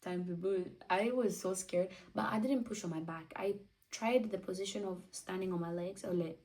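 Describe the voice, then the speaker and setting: A twenty-year-old vlogger tells a personal story candidly and emotionally, acting out what she and others said. Her mid-range voice is a little mellow at a moderate pace, but it's recorded from a distance with poor audio.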